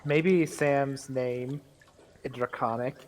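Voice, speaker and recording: A man's voice: medium pitch, steady tone, takes it slowly, a little mellow, slight background noise. A man playing in a tabletop game, playful and joking as he chats. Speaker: player. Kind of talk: casual tabletop play.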